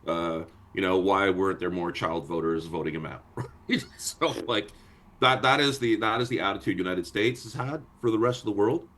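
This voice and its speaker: Deep-voiced man, animated podcast talk. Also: moderate pace, a little hiss or hum. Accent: anglophone Montreal French. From born in London, raised in Canada. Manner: animated, joking, talks over others. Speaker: podcast co-host. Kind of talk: casual chat.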